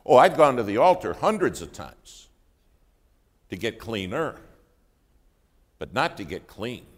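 A man preaching a sermon, telling a story with loud bursts and hushed asides. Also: mid-range voice, sing-song, unhurried.

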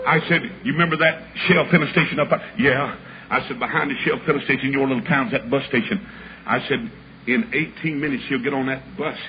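A man preaching, telling a folksy story and acting out the voices in it, building up to shouts. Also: mid-range voice, steady tone, a little fast. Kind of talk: storytelling sermon. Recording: dull lo-fi recording with clear background hiss.

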